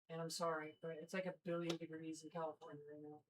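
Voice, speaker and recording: A woman's voice: low voice, fast, few pauses, noisy background. A young adult woman streaming live, chatting casually and rambling with lots of fillers as she talks to her chat while setting up her gear at home.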